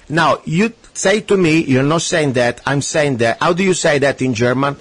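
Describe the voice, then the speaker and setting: A man with an Italian accent hosts a talk radio show. His voice is husky and sits a little high, and he rants and mocks in a loud, emphatic way. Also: lively intonation, moderate pace, dry recording. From Italy. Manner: ranting, sarcastic, emphatic. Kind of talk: talk radio chat with a guest.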